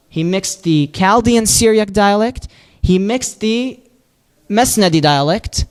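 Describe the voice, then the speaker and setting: A man teaching a religious lesson, explaining step by step and answering his own questions. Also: high voice. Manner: recites Arabic supplication quickly and softly. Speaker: Islamic teacher.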